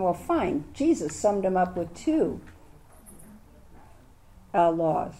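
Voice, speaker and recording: Older woman, Bible study teacher, mellow voice, chatty and full of questions to the class. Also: fairly low pitch, very animated, takes it slowly, pauses often. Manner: chatty, asks the listeners many questions.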